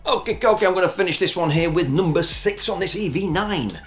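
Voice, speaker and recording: A man's voice: high voice, brisk, soft background music. A man giving casual, opinionated commentary as a news vlogger, talking in a chatty, rambling way with many ums and restarts.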